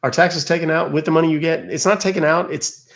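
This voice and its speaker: A man's voice: a little high, steady tone, fast talker, a bit bright. A man around fifty, hosting a casual livestream and answering viewer questions in a wry, chatty way. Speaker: host answering live chat questions.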